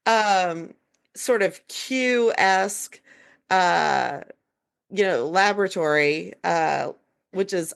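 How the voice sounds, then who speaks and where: A woman's voice: lowish voice, creaky, a bit bright. Chatty woman podcast host. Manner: chatty, full of fillers and asides. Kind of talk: casual book-club chat.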